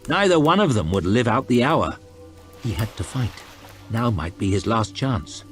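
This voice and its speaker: A man reading a novel aloud as storytime narration, expressive with soft low asides. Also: moderate pace, faint music behind. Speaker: audiobook reader. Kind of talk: storytime narration over gameplay.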